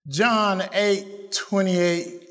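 High-voiced, slow preaching man. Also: fairly even intonation, fairly bright tone. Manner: emphatic, repeats phrases, calls out to listeners. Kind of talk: sermon.

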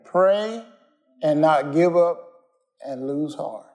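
Preacher man with a slightly high voice, down home slang, keeps asking the church to answer back. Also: slow, a little mellow. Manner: folksy, call-and-response preaching; plainspoken storytelling with everyday slang. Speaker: pastor. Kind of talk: sermon.

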